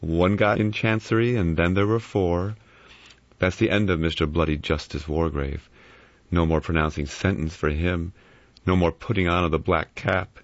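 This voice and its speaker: A man's voice: sits low, fairly even intonation, normal speed, dry recording, dull audio. A man voicing a cynical adventurer in an audiobook, sardonic and mocking.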